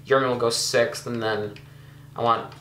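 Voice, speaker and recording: A young man casually commenting on his own gameplay, chatty and excitable, scolding himself with frequent ums and uhs. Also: mid-range voice, moderate pace, reverberant, slight background noise. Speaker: gaming YouTuber.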